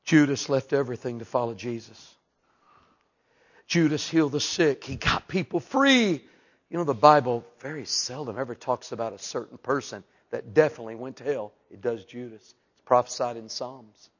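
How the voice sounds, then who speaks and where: A man preaching a fiery sermon, dropping to hushed asides and rising to loud shouted peaks. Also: mid-range voice, animated, normal speed, lo-fi sound.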